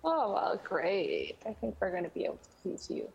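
A woman co-host asking brisk, upbeat questions in a casual interview. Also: mid-range voice, wildly swooping pitch, creaky, a little mellow, muffled recording.

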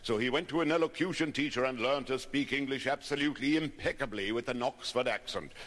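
A man telling folksy jokes and stories, putting on lively voices for the people in them. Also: mid-range voice, fairly quick. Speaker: comedian. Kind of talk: recorded stand-up storytelling. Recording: long hall reverb.

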